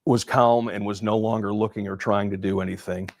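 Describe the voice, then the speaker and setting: A man, a former police officer, telling a story in an interview, halting and full of fillers and restarts. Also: on the low side, steady tone, no echo, clean studio sound.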